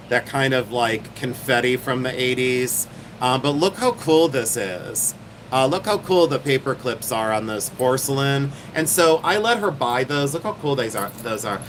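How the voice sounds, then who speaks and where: A man's voice: mid-range voice, expressive, normal speed, fairly bright tone, a little hiss or hum. A middle-aged American man hosting a casual live stream, chatting and joking with viewers in a self-deprecating way. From United States. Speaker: livestream host, jewelry reseller. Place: outdoors at night.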